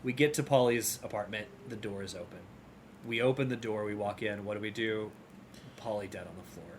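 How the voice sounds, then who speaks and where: A man's voice: fairly low pitch, brisk, slight background noise. A man co-hosting a gaming podcast in casual chat, retelling a game's story and acting out the characters' lines. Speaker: podcast co-host.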